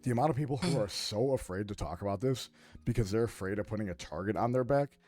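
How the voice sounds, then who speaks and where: A man's voice: lowish voice, fast talker, a little mellow. A man co-hosting a reaction stream, speaking in emphatic, indignant commentary as if lecturing.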